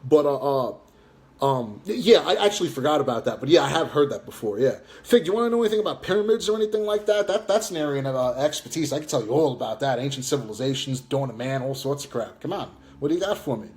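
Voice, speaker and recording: A man's voice: medium pitch, expressive, fast, darkish tone. A man with a New York accent from Long Island, ranting in casual live chat, taunting and mocking a viewer with lots of fillers. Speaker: live stream host.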